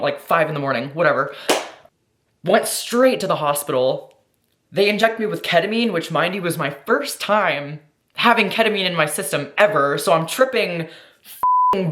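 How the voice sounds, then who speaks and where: A young woman talking casually to her vlog camera, rambling and excitable, swearing a lot and telling things dramatically. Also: fairly low pitch, reverberant, noisy background. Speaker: vlogger.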